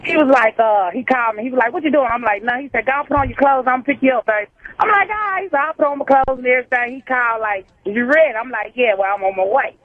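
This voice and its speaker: A woman's voice: fairly high pitch, racing, few pauses, no room sound. A woman caller, telling a story on air in a brash, profane, laughing way. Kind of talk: phone-in storytelling. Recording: dull phone-line sound.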